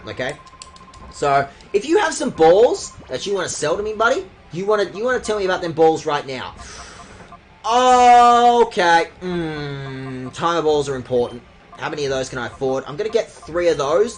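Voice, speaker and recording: A young woman streaming a game, chatting casually with her viewers, sarcastic and quick to swear. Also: sits low.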